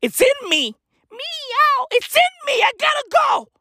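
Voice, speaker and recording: A woman's voice: extremely high pitch, big pitch swings, unhurried, pushed and bright, pitched above the performer's own voice, heavily acted. Woman doing whispery meowing Catwoman. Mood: teasing. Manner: breathy whispers broken by meows. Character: seductive restless female cat burglar, purring and whispering.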